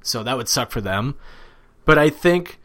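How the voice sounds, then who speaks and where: A young man chatting casually about sports as a podcast co-host, animated and swearing freely, with plenty of fillers. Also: medium pitch, measured pace.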